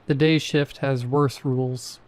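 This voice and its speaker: A man doing a flat, bored security guard. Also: medium pitch, unhurried, close to an everyday voice. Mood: flat, deadpan. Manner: flat, bored, monotone delivery. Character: apathetic adult male night security guard.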